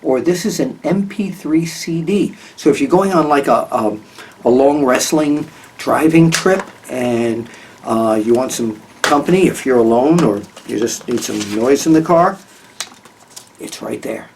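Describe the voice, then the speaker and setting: A man's voice: mid-range voice, unhurried, a little mellow, slight background noise. A man hosting a casual show, chatting in a rambling way with many fillers and restarts. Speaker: host. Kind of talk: casual chat. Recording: voice a bit far from the mic.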